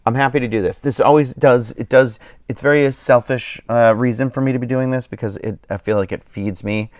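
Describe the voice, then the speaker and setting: A man's voice: medium pitch, steady tone, fairly quick, dry recording. A man hosting a live stream, chatting casually and rambling with lots of fillers, tired and yawning. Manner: rambling, many fillers and restarts. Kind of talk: casual chat.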